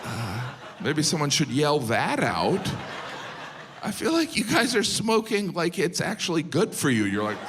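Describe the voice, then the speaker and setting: Deadpan American comedian doing stand-up. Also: male voice, on the high side, a little slow, background noise. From United States. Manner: deadpan, puts on silly voices for quoted people. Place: live comedy venue with audience.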